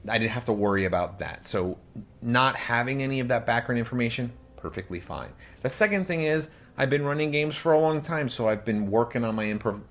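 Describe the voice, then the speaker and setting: A man co-hosting a casual podcast who explains at length, with lots of "like" fillers. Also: on the low side. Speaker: podcast co-host and game master.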